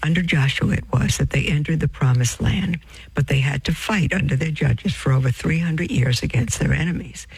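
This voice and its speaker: Male preacher, gravelly and a little husky, reads a religious text aloud and drifts into asides, close dry sound. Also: on the high side, normal speed, no echo, rough recording. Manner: addresses listeners as beloved, reads with off-script asides and self-corrections. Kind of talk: sermon reading from a text with asides.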